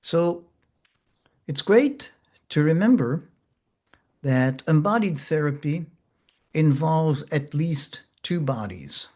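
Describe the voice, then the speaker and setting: A man teaching therapists in a slow, gentle, measured way, pausing often. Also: fairly high pitch, animated. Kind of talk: reflective teaching talk.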